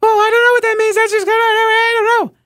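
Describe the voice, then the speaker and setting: A man putting on a mocking impression of a dismissive male pundit, in a whiny falsetto. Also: little pitch movement, quick pace, sharp tone, no room sound, clean studio sound, faint music behind.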